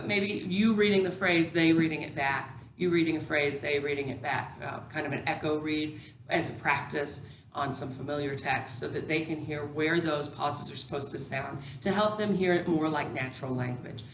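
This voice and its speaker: A woman's voice: sits low, reverberant, slight background noise. A woman teacher educator giving a recorded lecture, explaining patiently with many ums and restarts.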